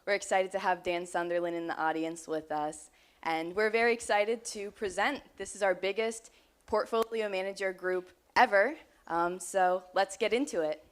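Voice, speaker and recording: A woman's voice: medium pitch, steady tone, normal speed. A young woman, a college student, giving a formal, scripted presentation to an audience. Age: young adult.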